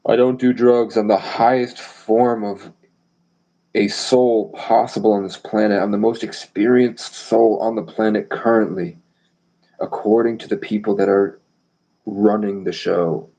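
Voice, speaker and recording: A man's voice: lowish voice, fairly even intonation, a little slow, warm tone, rough recording. A man rambling boastfully and provocatively on a live stream.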